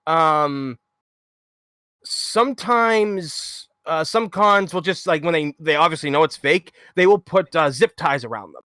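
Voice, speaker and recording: A man co-hosting a charity stream, chatting casually and telling stories in a loud, animated way. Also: a little high, measured pace, dry recording, clean studio sound. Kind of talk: casual chat.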